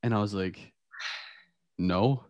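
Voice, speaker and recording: A man's voice: fairly low pitch, takes it slowly, no echo, dull audio. A young man hosting a podcast, chatting casually and telling stories with frequent laughter. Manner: animated storytelling, laughs often. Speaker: podcast host. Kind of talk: casual chat.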